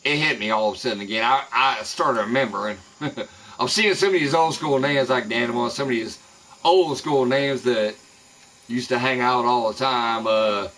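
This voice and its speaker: A mid-range male voice with a fairly bright tone moves at normal speed over poor-quality audio. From home in the American Midwest, he's live streaming an angry, heavily profane rant against people he says lie about him.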